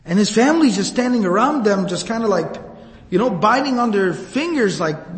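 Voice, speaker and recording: A man's voice: sits high, lively intonation, normal speed. A man retelling an old account as a religious teacher, in a casual, vivid, conversational lecture style. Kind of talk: storytelling lecture. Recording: long hall reverb.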